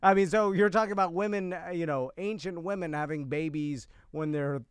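A man's voice: fairly high pitch, brisk, clean tone, no echo, clean studio sound. A man co-hosting a radio show, chatting casually and laughing often as he riffs on jokes. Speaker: co-host. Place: radio studio.

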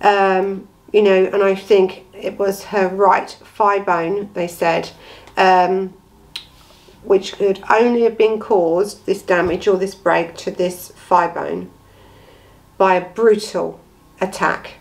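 A woman's voice: medium pitch, steady tone, slow, poor audio. Woman commentator, blunt and indignant, talking straight at the audience. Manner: indignant, blunt, rhetorical questions. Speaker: true crime commentator. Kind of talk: impassioned commentary on a case.

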